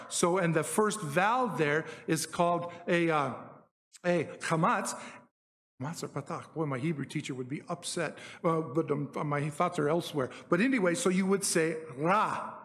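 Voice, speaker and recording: A man's voice: fairly high pitch, normal speed, a bit bright, long reverb tail. A man giving a Bible teaching in a conversational, explanatory way, often checking in with the listeners. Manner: explanatory, conversational, frequent "okay?" check-ins. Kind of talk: Bible teaching on Hebrew words.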